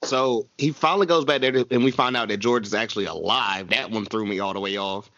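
Male co-host, lively swearing storyteller, dry muffled sound. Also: on the low side, quick pace, no room sound. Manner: animated storyteller, swears freely. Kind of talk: casual movie recap.

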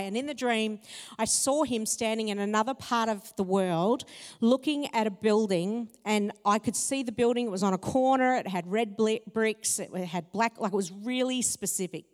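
Animated woman preaching in a reverberant hall. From Italian heritage. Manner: lively storytelling, rises in pitch when excited. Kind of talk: sermon with personal stories.

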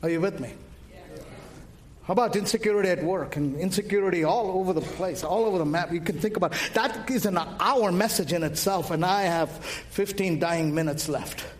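A man's voice: high-pitched, brisk. A man preaching a sermon with fervor, calling out questions and waiting for the congregation to answer. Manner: impassioned, calls out to the congregation.

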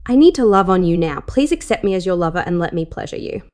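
A woman's voice: on the low side, animated, fast, a little mellow, natural voice. An eager young woman lover, as a woman narrator reads her.

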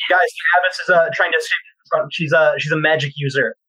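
A man's voice: a little high, steady tone, pushed and bright, breathy edge, poor audio. A man voicing his character, an adult man who fakes being out of breath to trick a group of thugs. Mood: urgent bluff. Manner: hurried, mock out of breath. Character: adult man faking panic to fool thugs.

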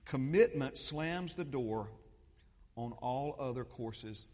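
Preaching man in an echoing hall. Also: slow. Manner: preaching, swings between loud fervent peaks and low steady teaching. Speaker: pastor. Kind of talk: sermon. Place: church sanctuary.

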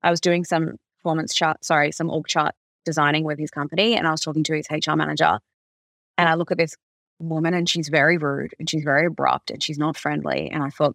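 Brief: woman business founder as podcast guest, lively storyteller, dry close sound. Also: deep voice, quick pace, gravelly, dry recording. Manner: animated storyteller, heavy use of "like". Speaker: recruitment company founder, guest. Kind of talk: conversational podcast interview.

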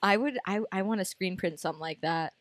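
A woman's voice: fairly low pitch, fast, no echo. A young woman co-hosting a casual podcast, playful and teasing, laughing often. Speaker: podcast co-host.

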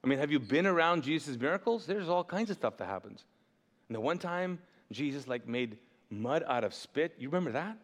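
A male pastor preaching a sermon, animated and jokey, slipping into quick voices to tell the story. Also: a little high, long reverb tail.

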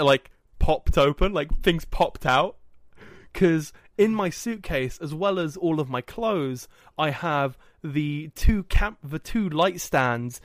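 A man hosting a podcast, telling a story in a casual, animated and self-mocking way. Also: on the high side, no echo. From England. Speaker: podcast host. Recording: dry, poorly set up audio.

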